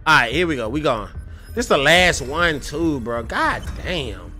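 A man's voice: a little high, very animated, measured pace, soft background music. A young man streaming a fighting game, cursing, trash-talking enemies and venting frustration to chat, with speech. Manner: profane, trash-talking and frustrated, with loud outbursts. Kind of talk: gameplay livestream commentary.

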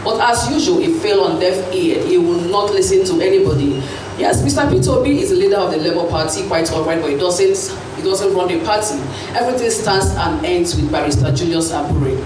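A woman's voice: on the low side, animated, brisk. Woman speaking firmly in an echoey distant clip. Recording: echoey distant news clip with background noise.

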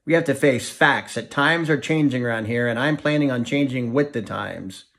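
A man's voice: medium pitch, moderate pace, gravelly, a bit bright. A man voicing a blunt, matter-of-fact middle-aged father in an audiobook reading.

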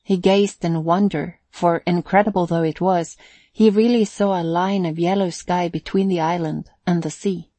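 A man narrating an audiobook, reading briskly and raising his voice for characters' lines. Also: high-pitched, steady tone, no room sound. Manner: reads at a brisk pace, gives characters louder lines. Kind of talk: scripted narration.

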